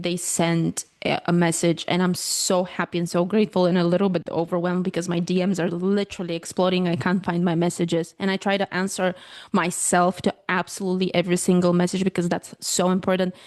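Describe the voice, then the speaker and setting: A woman's voice: fairly low pitch, a little mellow. A woman author with a Balkan accent, a little congested, talking earnestly in an interview. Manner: earnest, deliberate, with conscious pauses. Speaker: author and guest. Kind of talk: casual interview conversation.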